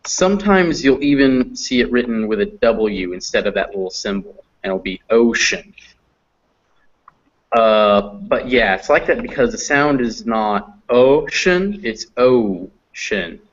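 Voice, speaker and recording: In an online class, a man with a lowish voice patiently teaches English pronunciation, explaining phonetic symbols and slowing down to demonstrate the sounds. The audio is lo-fi.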